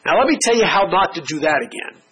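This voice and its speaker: A middle-aged man preaching a sermon, telling stories with lively, animated delivery and a husky voice. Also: fast, poor audio. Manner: animated storytelling with big pitch swings. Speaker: pastor.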